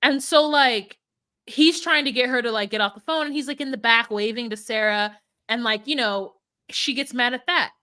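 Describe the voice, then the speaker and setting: High, bright-voiced woman chatting casually. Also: normal speed. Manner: animated, swears freely, acts out quotes in a mocking high voice. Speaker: podcast co-host recapping a reality show. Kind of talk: casual chat.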